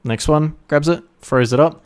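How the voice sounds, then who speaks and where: A man co-hosting a podcast, telling jokes in casual chat, animated and swearing. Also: fairly high pitch, moderate pace, smooth. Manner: animated storyteller, swearing, laughs at his own jokes. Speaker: podcast co-host.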